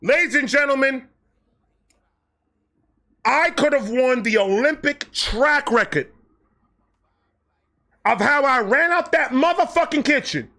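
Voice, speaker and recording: A high, bright-voiced man with a New York accent telling a wild storytime with big animated energy. He swears freely, acts out voices and keeps dropping into low, muttered asides. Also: slow pace, long pauses. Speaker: storyteller host.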